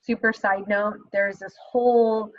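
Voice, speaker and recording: A young adult woman hosting a solo podcast in a casual, earnest and reflective way, often pausing with fillers and restarting her sentences. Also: mid-range voice, level tone, dry recording. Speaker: podcast host. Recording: dull, slightly lo-fi dry recording.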